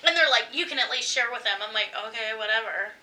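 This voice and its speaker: Chatty woman podcaster, high bright voice, cursing and laughing, kinda far from the mic. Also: fast talker. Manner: animated, swears freely, laughs often. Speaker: podcast co-host. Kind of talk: casual storytelling chat.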